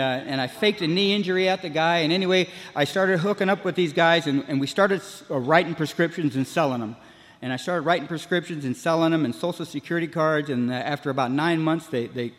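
Guy telling his recovery story at a meeting, kinda high voice, rambly with lots of "you know", big echoey hall. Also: a bit bright. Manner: acts out other people's voices. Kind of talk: personal recovery story told to a room. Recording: long hall reverb.

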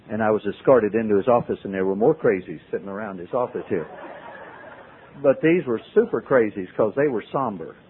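A man tells his recovery story to a meeting in a folksy way, swinging from loud to hushed. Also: on the low side, husky. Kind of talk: personal storytelling talk. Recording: tinny phone-like old tape.

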